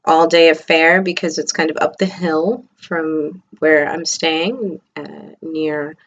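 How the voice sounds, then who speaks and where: A middle-aged woman talks through her day in a casual video diary, wandering off into asides and tangents. Her voice sits on the lower side. The recording sounds slightly muffled and lo-fi. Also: steady tone, slow pace. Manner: chatty, rambling, digressive asides. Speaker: vlogger, teacher in training.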